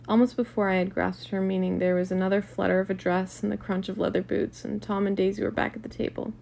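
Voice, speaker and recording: A woman's voice: medium pitch, little pitch movement, fast talker, creaky, hardly any pauses, mellow, slight background noise. A woman reading a classic novel aloud in a casual, unpolished way, with occasional restarts and asides. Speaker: reader.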